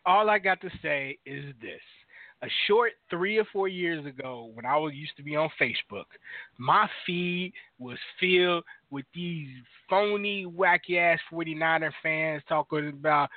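A man co-hosts a football talk show, mocking rival fans with a gloating edge. His voice sits a little high. The sound is dry and tinny, like a phone call. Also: a little slow, no room sound. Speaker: co-host, the scholar. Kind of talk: casual sports talk.

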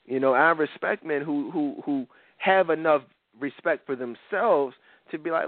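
A man in his thirties hosts a talk-show podcast, offering blunt opinions in a rambling style packed with "you know" fillers. His voice sits fairly high and moves at a moderate pace. The recording is dry and narrow, almost like a phone line, with no echo.

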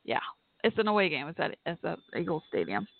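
A woman's voice: fairly low pitch, very animated, a little fast, no room sound. Lady chatting on her podcast, laughs a lot, tinny phone sound, dry. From Texas. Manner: chatty, laughs often, talks back at the game. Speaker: podcast host. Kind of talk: casual live-stream chat.

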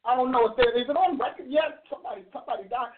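Racing along in a high-set voice over background noise, a woman in her sixties tells a story and makes her case with emphasis, like a host preaching to her audience. The opinionated, animated talk comes through tinny, as if over a phone.

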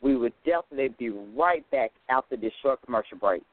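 A man's voice: mid-range voice, expressive, fairly quick, background noise. A man hosting an internet radio talk show, loose and chatty, often repeating himself. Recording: dry phone line.

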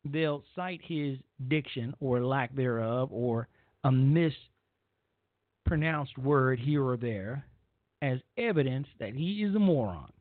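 A man's voice: medium pitch, lively intonation, takes it slowly, dry recording. A man hosting a talk radio show, giving a blunt, rambling opinion monologue and often repeating himself. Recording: dry, phone-like narrow sound.

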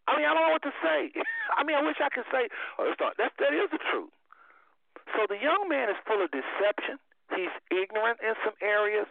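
A man in his fifties hosting a call-in radio talk show, talking in an emphatic, preacherly way that drops low and then climbs high. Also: no echo. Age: 50s. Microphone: phone. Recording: tinny dry phone line.

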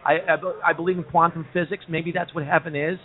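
A man's voice: a little high, level tone, brisk. A man hosting a casual talk show in a pub, talking earnestly and preachily and repeating himself. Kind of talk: casual bar-room talk show chat. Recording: tinny lo-fi phone-like sound.

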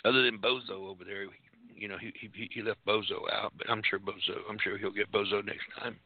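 A man's voice: fairly low pitch, flat delivery, brisk, dry recording. A man guesting on a radio talk show who stammers and repeats words as he talks. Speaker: guest wrestling character. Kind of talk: casual radio chat. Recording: phone-like narrow band.

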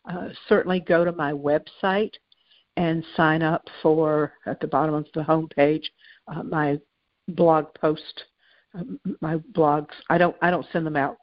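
A woman with a somewhat low voice hosts a spiritual talk show, speaking in a conversational way full of small fillers and restarts. The recording is dry and slightly muffled, like a lo-fi podcast. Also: no echo. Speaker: host.

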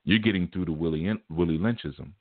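A man's voice: low-pitched, brisk, no room sound. A man, talking as a spiritual teacher in a loose, conversational way that keeps coming back to "you know". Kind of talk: casual spiritual talk. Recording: tinny, phone-like, very dry.

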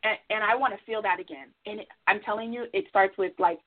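A woman's voice: medium pitch, fast. A woman co-hosting a casual advice talk show, speaking emphatically, repeating herself for stress and acting out inner voices. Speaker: podcast co-host. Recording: tinny phone-like audio.

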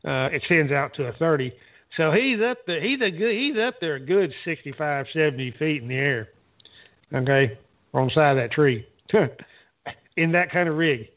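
A man's voice: on the high side, expressive, normal speed. Chuckling man on a tinny phone line. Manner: chuckling, plain-spoken, estimating. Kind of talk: casual chat.

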